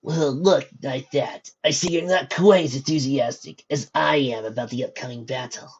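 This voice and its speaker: A man's voice: mid-range voice, normal speed, slight background noise, pitched above the performer's own voice, natural voice. A man voicing a sneering pony warlord. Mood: mocking. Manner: mocking, coy sneer. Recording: dull lo-fi recording.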